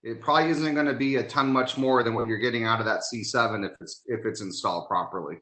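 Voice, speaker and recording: A man with a bright, forceful tone speaks emphatically as a technical trainer. He sounds enthusiastic and hands-on, and his voice rings through an echoey room on a video call mic. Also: medium pitch, fast talker. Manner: emphatic, enthusiastic about installation. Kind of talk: live online training talk.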